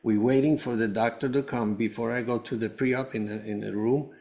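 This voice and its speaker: A man's voice: mid-range voice, fairly even intonation, fairly quick, a little mellow. A man, a guest on a show, giving an earnest personal testimony in a meandering way, often restarting his sentences. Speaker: guest, cancer survivor. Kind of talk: personal testimony told to a host.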